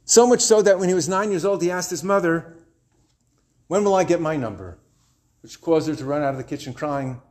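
A man in his twenties telling a story, wry and animated with dramatic pauses. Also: fairly high pitch. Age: 20s. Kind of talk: told story to an audience.

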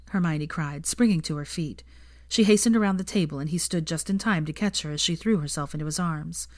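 A woman reading a fan story aloud in an expressive narrating voice. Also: low-pitched, brisk, no echo, clean studio sound. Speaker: fan fiction reader.

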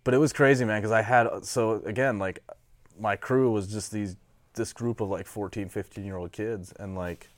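A man's voice: fairly low pitch, fairly even intonation, normal speed, no room sound. A middle-aged man in casual chat, laid-back, swearing and laughing as he tells stories. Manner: laid-back, swears, laughs often, quotes people in character. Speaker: guest.

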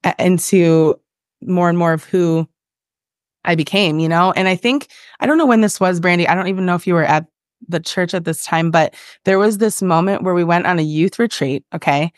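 This podcast guest, a woman in her thirties, talks at a normal speed in a voice on the low side, captured with studio quality and no room sound. She's earnest and chatty in the casual interview, wandering off on tangents, filling pauses with "like" and "um," and growing emotional for a moment.

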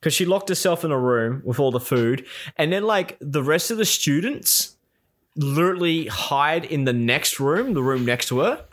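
A man in casual chat, retelling a series with lively put-on quotes and frequent swearing. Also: on the high side, normal speed. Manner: animated, acts out characters' lines, swears freely.

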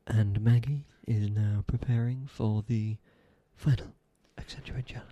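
Man putting on a hushed grave sports commentator. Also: fairly low pitch, fairly even intonation, dry recording, muffled recording. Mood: mock-solemn. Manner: slow, solemn play-by-play delivery.

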